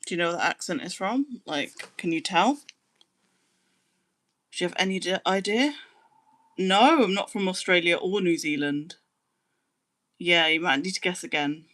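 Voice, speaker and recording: A woman's voice: lowish voice, fairly bright tone. British woman chatting on a live stream. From Britain. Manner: chatty, hums to fill pauses. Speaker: livestream host. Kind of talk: casual live stream chat with viewers.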